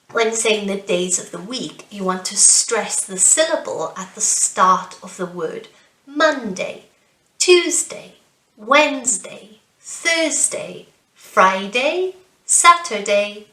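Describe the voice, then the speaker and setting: A young woman leads a slow beginner lesson, drawing out each word and cheering the learners on. Her voice is bright and a little high. She sits back from the mic in an echoey room. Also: recorded from a distance. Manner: encouraging, drills words and praises learners. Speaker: English teacher.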